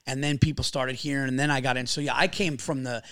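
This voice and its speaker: A man, a comedian telling stories on a podcast, animated and swearing freely. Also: mid-range voice, fast, no echo, studio quality. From New York. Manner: animated storyteller, swears freely, acts out quotes. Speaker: comedian guest. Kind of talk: casual podcast chat.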